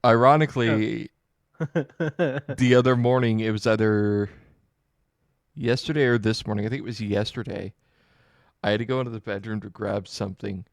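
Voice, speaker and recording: A man co-hosting a podcast, telling a story slowly in casual chat, laughing often and swearing. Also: lowish voice, steady tone, no room sound, studio quality. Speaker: podcast co-host.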